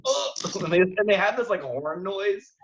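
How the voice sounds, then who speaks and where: A man's voice: high-pitched, moderate pace, fairly bright tone, muffled recording. A man co-hosting a casual film podcast, rambling enthusiastically with lots of fillers. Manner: enthusiastic, rambling with many likes. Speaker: podcast co-host. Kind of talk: casual chat.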